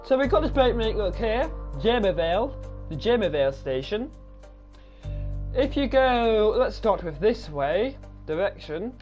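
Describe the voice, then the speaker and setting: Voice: medium pitch, a little mellow. A gaming channel host, giving a casual, rambling tour of a game world, correcting themselves and repeating the same praise.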